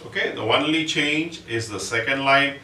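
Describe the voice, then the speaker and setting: A man with an Indian English accent teaching percussion, explaining step by step and reciting drum syllables slowly. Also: medium pitch, loud music behind the voice. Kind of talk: music lesson with spoken rhythm syllables. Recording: roomy, distant mic, audible background noise.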